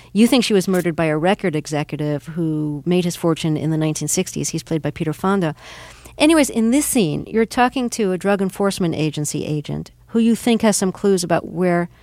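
Lowish-voiced female interviewer. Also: darkish tone, dry recording. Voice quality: measured, careful questioning. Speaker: interviewer, radio host. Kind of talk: interview questions.

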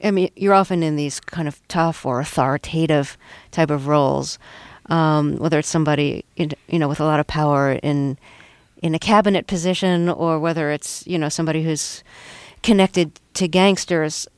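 Smooth, dry-sounding interviewer, calm and measured. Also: mid-range voice, dry recording. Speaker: radio interviewer. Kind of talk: interview questions.

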